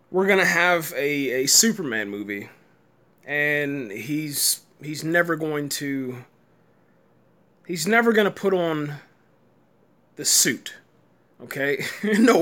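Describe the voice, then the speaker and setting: A man's voice: a little high, pushed and bright. A man giving a casual, exasperated review rant, stumbling and repeating words and breaking into laughter. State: tired, early morning.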